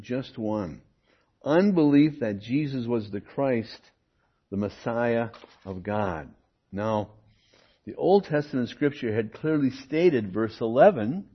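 A man's voice: on the low side, slightly rough. A man teaching the Bible in a classroom, explaining scripture verse by verse and stressing key words. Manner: lively, emphatic, rising on key words. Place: classroom with a board. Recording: dull lo-fi recording.

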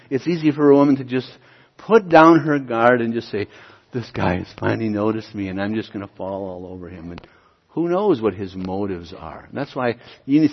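A male pastor delivers an emphatic sermon, pressing his listeners with questions and swelling to loud, forceful peaks. His voice rings through a large hall with long reverb, captured on a dull, muffled recording. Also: mid-range voice.

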